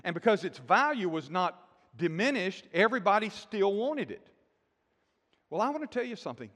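An older man, a grandfather, preaching a sermon with emphatic declarations that drop to hushed, intimate asides. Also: high-pitched, very animated, moderate pace, in a large hall. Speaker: pastor.

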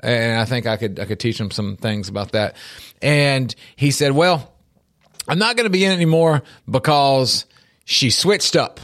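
A man's voice: mid-range voice, moderate pace. Middle-aged man telling a story. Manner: storytelling, animated, repeats words when starting sentences. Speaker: podcast co-host. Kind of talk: casual faith and life talk.

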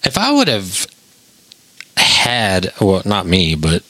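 A man's voice: deep voice, huge pitch swings, slow, sharp tone, dry recording. A middle-aged man hosting a podcast in casual chat, reading listener questions and giving blunt, emphatic opinions.

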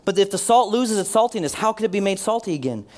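A man preaching a sermon as pastor, earnest, slowing down and dropping his voice for emphasis, and leading the congregation in responses. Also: sits high, animated. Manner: leads the congregation in call-and-response.

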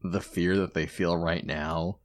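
A man playing a tabletop game, planning his moves slowly and hesitantly. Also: sits low, fairly even intonation. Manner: slow, deliberate, hesitant planning. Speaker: player.

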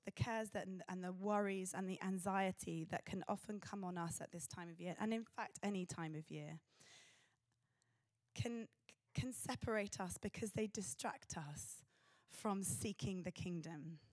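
A woman preaching a sermon in an earnest, pausing way. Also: mid-range voice, no echo, studio quality.

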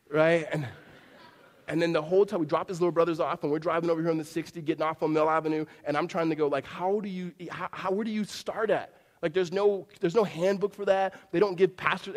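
Man preaching with loud and hushed swings. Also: fast. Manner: swings from loud emphatic peaks to hushed low lines; conversational storytelling with acted-out dialogue. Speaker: pastor. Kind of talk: sermon.

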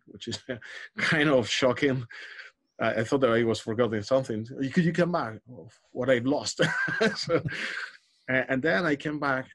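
A Spanish-accented man in his forties, from Galicia, chatting easily in an interview. His voice sits at an ordinary middle pitch, and he laughs often and breaks off into fillers and restarts as he talks. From Galicia, Spain. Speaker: interviewee, researcher. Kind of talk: casual interview.

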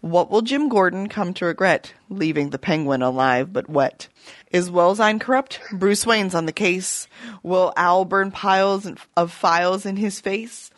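A woman co-hosting a podcast in casual chat, teasing and interjecting quickly. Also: fairly low pitch, dry recording. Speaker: podcast co-host.

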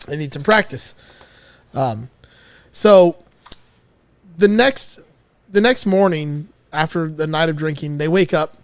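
A man's voice: on the high side, slow pace, pauses often, smooth, no echo. A man co-hosting a podcast, casually recapping a film with loose, profane humor. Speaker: podcast co-host.

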